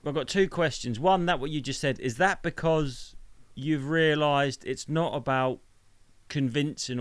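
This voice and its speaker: A man's voice: on the high side, a bit bright, dry recording. A man hosting a podcast in casual chat, chatty and swearing freely. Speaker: podcast host.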